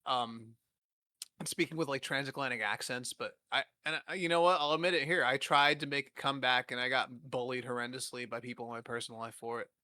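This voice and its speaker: A man's voice: medium pitch, steady tone, quick pace, pushed and bright, no echo. A young man in his twenties hosting a podcast, rambling and joking crudely in casual chat with lots of filler words. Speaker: podcast host.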